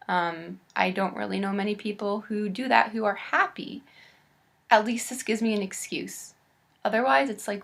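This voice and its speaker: A woman in her late twenties talks in a confessional vlog, her voice at a middling pitch with a gravelly creak. She speaks haltingly and candidly, pausing and restarting, and sounds close to tears. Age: late 20s. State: on the verge of tears. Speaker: vlogger.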